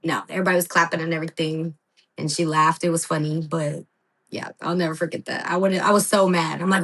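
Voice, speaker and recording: A woman with a slightly low voice, guesting on a podcast. She tells her stories with energy, jumping into playful voices when she quotes people, laughing now and then and swearing without a care. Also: fast talker, low-quality recording. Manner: lively storyteller, acts out quotes, laughs, swears. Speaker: wrestling guest. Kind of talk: casual podcast interview.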